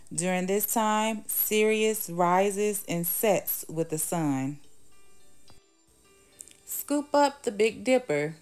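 A woman reading a nonfiction picture book aloud for children, in a clear and expressive storytelling manner. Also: medium pitch.

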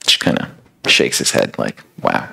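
Deep gravelly casual preacher man. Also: animated, measured pace, fairly bright tone, poor audio. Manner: casual, filler-heavy retelling. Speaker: speaker. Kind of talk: storytelling sermon.

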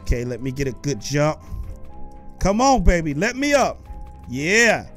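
Young guy youtuber yelling at game monsters, high voice, lil bit of music in back. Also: a little slow. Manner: animated, shouts and taunts in-game enemies. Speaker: gaming YouTuber. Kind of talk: excited let's-play commentary.

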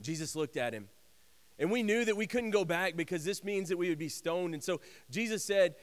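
A man in a church performing a dramatic first-person monologue, earnest and storytelling, hushed one moment and rising the next. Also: on the high side, expressive, normal speed, smooth. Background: music.

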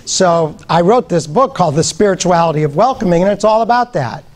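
A man, a guest professor, giving a lively interactive lecture to an audience, joking and calling on people. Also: high-pitched, fairly quick. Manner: lively, joking, engages the crowd directly. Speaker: guest speaker, education professor.

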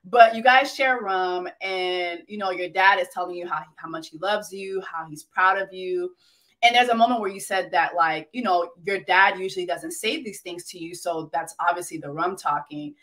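A woman hosting a casual interview, animated and teasing, repeating words for emphasis. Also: on the low side, normal speed. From Haitian immigrant family. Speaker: host.

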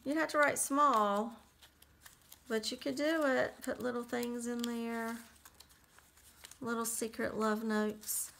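A woman casually talking through a handmade journal she made, chatty and relaxed with lots of little fillers. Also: a little high, takes it slowly, vocal fry, long pauses, slight background noise. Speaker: crafter showing a handmade journal. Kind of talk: casual flip-through narration.

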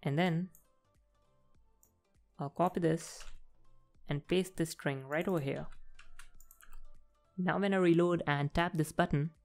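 A man's voice: a little high, fairly even intonation, takes it slowly, gravelly, long pauses, soft background music. A man hosting a programming tutorial, casually talking through each coding step as he types, with frequent fillers. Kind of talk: casual screen-recorded coding walkthrough.

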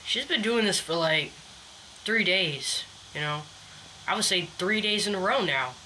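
A woman's voice: fairly low pitch, expressive, unhurried, pushed and bright, slight background noise, low-quality recording. A woman keeper of backyard chickens, talking casually about her hens while filming on a phone, with many restarts and fillers. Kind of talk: casual phone vlog narration. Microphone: phone camera.

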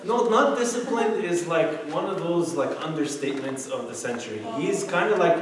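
A man's voice: a little high, expressive, normal speed, a little hiss or hum. Chatty man speaking from far off in an echoey room. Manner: chatty, jokey storytelling with frequent "like" and "okay". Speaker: youth group speaker. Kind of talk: casual youth talk. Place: church meeting room. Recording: echoey room from a distant mic.

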